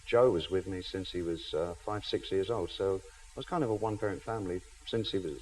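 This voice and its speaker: Husky man in his fifties telling stories. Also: sits low, brisk, a little mellow, rough recording. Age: 50s. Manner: self-mocking, laughs through his anecdotes. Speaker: talk show guest. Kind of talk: anecdotal chat show storytelling. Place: television studio.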